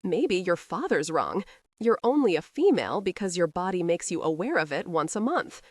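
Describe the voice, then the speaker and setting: A woman's voice: fairly low pitch, sing-song, normal speed, a little mellow, no room sound, studio quality. A woman voicing a brash, arrogant young man who teases and needles, read in an audiobook. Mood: needling. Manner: mocking, needling. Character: brash young male horseman, teasing and arrogant.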